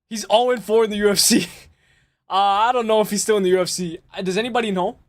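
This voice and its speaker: A man hosting a live stream, chatting casually and excitably with his viewers and laughing often. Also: high-pitched. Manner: excitable, laughs often, talks straight to chat. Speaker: livestream host.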